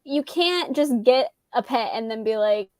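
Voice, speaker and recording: A woman's voice: fairly high pitch, animated, measured pace, no echo. A young woman in her twenties in casual chat, gushing and emphatic with many fillers.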